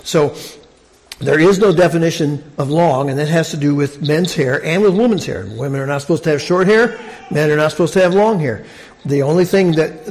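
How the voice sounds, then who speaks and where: A man preaching a sermon in a conversational, halting way, often restarting his sentences. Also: on the high side. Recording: long reverb of a large hall.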